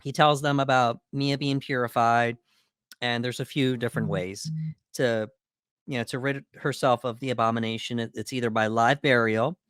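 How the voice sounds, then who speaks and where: Smooth-voiced man recapping a horror film. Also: medium pitch, fairly even intonation, fairly bright tone, dry recording, clean studio sound. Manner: recaps scenes, acts out lines with quick voices. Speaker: podcast co-host. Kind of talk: casual movie breakdown chat.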